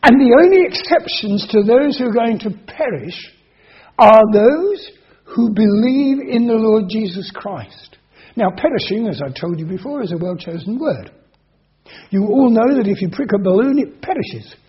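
High-voiced husky preacher. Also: male voice, expressive. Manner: emphatic, slows and repeats key phrases. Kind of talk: sermon. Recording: dull lo-fi sermon recording.

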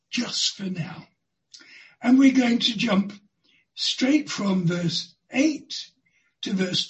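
Slow, deliberate preacher. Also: medium pitch, fairly bright tone, low-quality recording. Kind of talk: sermon.

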